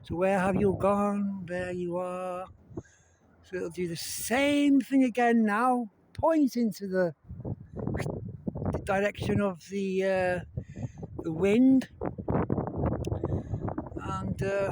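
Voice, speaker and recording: A high-pitched male vlogger rambles and chats outdoors in the wind, swearing casually as he gives offhand commentary. He records on a phone cupped in his hand, and the audio is full of wind and the noise of helicopter rotors.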